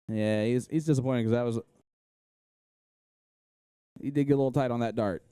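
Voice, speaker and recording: A man's voice: mid-range voice, steady tone, moderate pace, long pauses, mellow, clean tone, no echo, clean studio sound. A man from Indiana with an Indiana accent giving casual, analytical play-by-play commentary on a live darts match.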